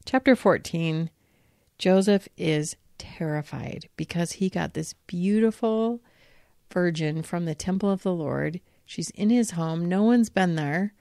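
A woman's voice: fairly low pitch, unhurried, creaky, mellow, dry recording, clean studio sound. A woman podcast host reading an old religious text aloud and reflecting on it, lifting her voice for quoted lines. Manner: reflective, reads quoted lines with lifted emphasis. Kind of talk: reading and commenting on scripture.

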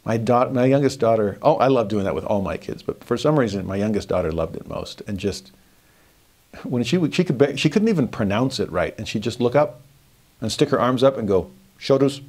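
A middle-aged man teaching a devotional scripture lesson, telling stories earnestly, moving between hushed and animated delivery. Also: mid-range voice, brisk.

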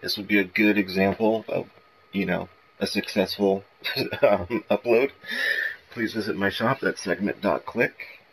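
A man's voice: on the low side, steady tone, unhurried, a little hiss or hum, rough recording. A man hosting a gaming video, rambling casually and self-mockingly with plenty of swearing. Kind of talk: casual gameplay commentary.

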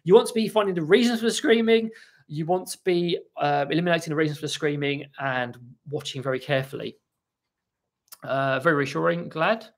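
Man, slightly high voice, casual livestream host, chatty, restarts a lot. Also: brisk. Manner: chatty, restarts often, talks to his birds between answers. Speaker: livestream host answering chat questions. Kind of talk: casual live chat. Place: home room with parrots.

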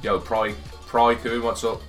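A man streaming a football video game live, chatting excitably with viewers and swearing in casual banter. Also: medium pitch, measured pace. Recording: loud game music behind.

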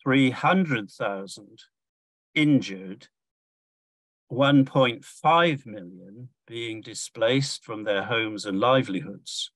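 An older man giving a measured academic lecture from slides, pausing often with fillers and restarts. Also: medium pitch, fairly bright tone, no echo.

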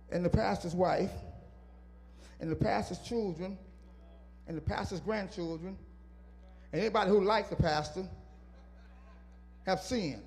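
A male pastor with a strikingly high voice, preaching and prodding his congregation to answer back. His words ring through a reverberant church hall while soft instrumental music sits underneath. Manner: call-and-response preaching, teasing the congregation. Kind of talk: sermon. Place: church sanctuary.

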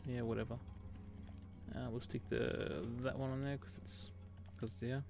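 With music in the background and game gunfire and explosions clearly audible, an Australian man streams a shooter and chats with viewers, greeting them by name and calling them "mate" frequently. His mid-range voice is flat and unhurried.

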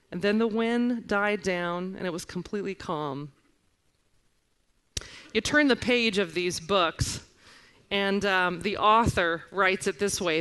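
A woman's voice: medium pitch, measured pace, clear, resonant tone. Woman, forties, mid-range voice, preacher who tells stories vividly in a sermon. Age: 40s. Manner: animated storytelling, reading scripture aloud. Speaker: guest preacher.

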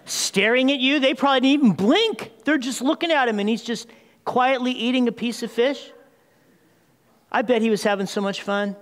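Man, pastor, sermon, very high voice, animated storytelling, long church reverb. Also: moderate pace. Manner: animated storytelling preacher, addresses the congregation as "people". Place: church sanctuary.

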